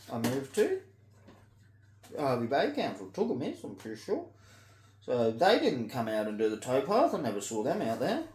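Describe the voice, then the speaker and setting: An indignant Australian man rants to camera, sweary and blunt. His pitch swings widely from high exclamations to low grumbles. The room around him rings with echo. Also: a little mellow. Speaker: vlogger. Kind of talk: ranting monologue to camera.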